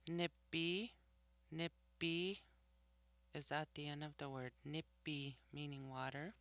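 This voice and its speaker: A language teacher in a recorded vocabulary lesson, who says each word slowly twice and then explains what it means. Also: medium pitch, level tone, gravelly, a bit bright, dry recording. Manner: slow and deliberate, repeats each word twice; explains each word's meaning after saying it.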